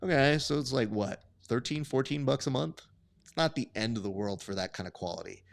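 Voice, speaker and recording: A man with a smooth, clear voice at a mid pitch, hosting a live stream into a desk mic. He calls results and reads chat in a loose, profane, joking way. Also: a little fast. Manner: casual, profane, bantering with chat. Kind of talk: live sports commentary and chat reading.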